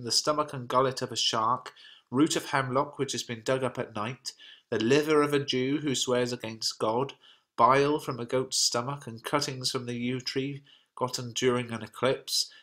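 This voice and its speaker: A British male teacher reading a modern translation of a play aloud for a lesson, in a plain, measured way. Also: mid-range voice, bright, forceful tone. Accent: British English.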